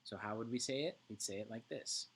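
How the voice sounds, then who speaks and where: A man's voice: fairly low pitch, a little fast, fairly bright tone, slight background noise. A male music teacher giving an online lesson to young children, chanting rhythm syllables and checking in often with "right?".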